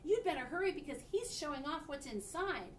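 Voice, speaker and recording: Woman as a helpful male storybook friend; loud, shouted delivery, distant mic. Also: animated, brisk. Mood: urgent. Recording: echoey room, distant mic, faint rumble.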